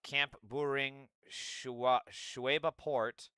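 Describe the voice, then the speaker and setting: A man's voice: medium pitch, little pitch movement, very slow, bright, forceful tone, clear, resonant tone, no echo, studio quality. Profane, sarcastic man streaming commentary. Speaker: livestream host. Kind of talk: political commentary livestream.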